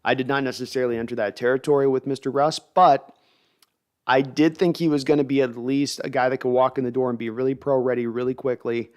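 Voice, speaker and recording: A middle-aged man hosting a live sports draft stream, reading viewer comments and talking in an animated, rambling way. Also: medium pitch, fast talker, clear, resonant tone. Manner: animated, hyped, rambling with restarts.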